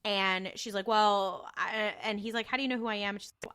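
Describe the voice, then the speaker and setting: Podcast lady with a bright sharp voice, casual and profane, acting out lines as she recaps. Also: mid-range voice, steady tone, a little fast, clean tone. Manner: profane, joking retelling with quoted voices. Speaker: podcast co-host.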